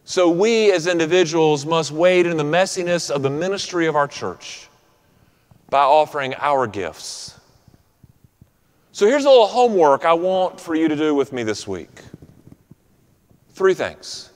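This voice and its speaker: A man with a fairly high voice preaches a sermon, building his points through rhythmic repetition and slowing down to land the key phrases. His voice carries a long reverb, as if it rises through a big sanctuary. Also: very animated. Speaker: pastor. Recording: long reverb of a large room.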